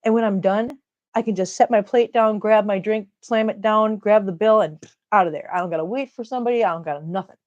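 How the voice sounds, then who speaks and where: A woman's voice: mid-range voice, fairly quick, dull audio. A middle-aged woman with an Upper Midwest American accent, chatting casually on a live stream, laughing often and reading viewer comments aloud.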